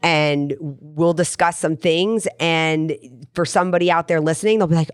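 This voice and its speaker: A woman hosting a podcast speaks in a noticeably low voice. She tells a personal story in an earnest, rambling way, circling back and restarting as she goes. The sound is dry and close. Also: normal speed, clean tone, no echo. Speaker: podcast host. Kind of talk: casual podcast chat.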